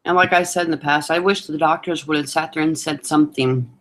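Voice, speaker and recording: A woman's voice: deep voice, steady tone, a little fast, a bit bright. A young woman chatting candidly as host, often acting out what others said to her. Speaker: vlogger and host. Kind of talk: casual chat.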